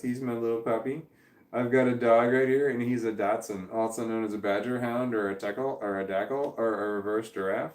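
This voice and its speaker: A man in his forties chats loosely on a livestream in a mid-pitched voice, wandering from one viewer comment to the next with little chuckles. The sound carries a roomy echo. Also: a little mellow. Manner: rambling, reads viewer comments aloud and chuckles. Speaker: livestream host. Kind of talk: casual livestream chat.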